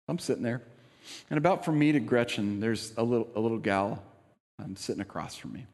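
Middle-aged pastor guy, gravelly voice, chatty storytelling sermon, big echoey hall. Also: medium pitch, fairly quick. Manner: conversational storytelling, animated quoted voices.

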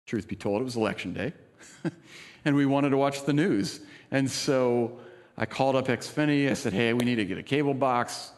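A middle-aged man preaching and telling a personal story in a relaxed, conversational way. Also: medium pitch, moderate pace, long reverb tail. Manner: conversational storytelling, animated quoted voices. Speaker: pastor.

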